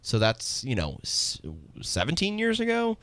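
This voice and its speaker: A man co-hosting a radio station's casual chat show, who explains things at length in an animated way. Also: high voice, a little slow, smooth, no echo.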